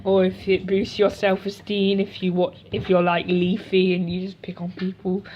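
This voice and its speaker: A woman's voice: mid-range voice, monotone, normal speed, a little hiss or hum. Rambling young woman on a lo-fi home video. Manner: rambling, self-correcting, chatty asides. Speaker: vlogger. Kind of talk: casual rambling chat. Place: home, by a washing machine. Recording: dull lo-fi home recording.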